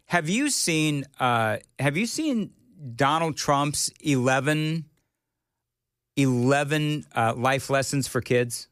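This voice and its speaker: A man's voice: mid-range voice, fairly bright tone, no echo, clean studio sound. A man hosting a morning talk radio show, opinionated and joking. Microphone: studio mic.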